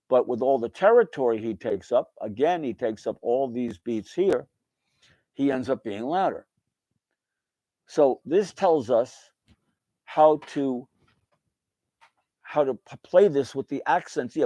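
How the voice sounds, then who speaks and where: A man's voice: mid-range voice, darkish tone, no room sound. A male piano teacher giving a casual lesson, calling notes "guys" in a folksy way and singing the rhythms aloud with syllables.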